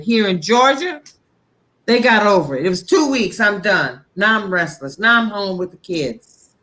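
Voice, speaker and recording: A woman speaking about faith on a talk show in a heartfelt, preachy way, salted with blunt profanity. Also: fairly low pitch. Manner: impassioned, preachy, frank with profanity; slow, deliberate delivery.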